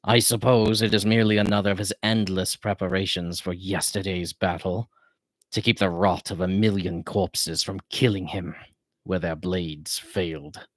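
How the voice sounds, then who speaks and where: Man reading as a grief-worn old wizard for an audiobook: very deep, slow and heavy, dry close sound. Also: little pitch movement, no echo, lightly acted. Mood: mournful. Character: grieving old male wizard, weary and mournful. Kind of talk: audiobook narration. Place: home.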